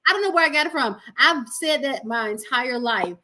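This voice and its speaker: A woman's voice: high voice, animated, fairly quick, sharp tone. A woman with a Southern US accent hosting a podcast in casual chat, folksy and self-mocking, laughing often. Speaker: podcast host.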